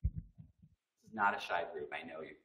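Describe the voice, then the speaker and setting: A man's voice: extremely low pitch, measured pace, pushed and bright, distant mic, poor audio. A man moderating a panel event in a meeting room, upbeat and chatty, coaxing people to speak.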